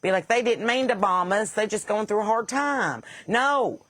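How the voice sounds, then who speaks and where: A woman's voice: mid-range voice, lively intonation, moderate pace, fairly bright tone, no echo. A woman podcast host with a Southern accent, blunt and sarcastic in casual comedic talk, laughing at her own jokes and a bit stuffy from sinus trouble.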